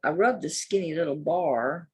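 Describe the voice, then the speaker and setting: Low, husky and unhurried yet animated, this middle-aged woman's voice carries a laid-back live sales chat as she sells jewelry online. She's blunt and doesn't hold back on the swearing.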